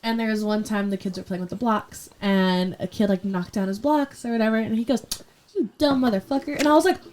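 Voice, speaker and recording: A woman's voice: fast, a little hiss or hum. A young woman, a preschool teacher and fighter, chatting casually on a podcast and acting out voices in her stories. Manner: animated storyteller, acts out kids and herself in a high teacher voice.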